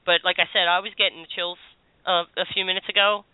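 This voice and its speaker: A woman's voice: lowish voice, little pitch movement, quick pace, smooth, no echo. Chatty woman radio host, tinny sound. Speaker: radio show host and psychic. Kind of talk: call-in radio talk.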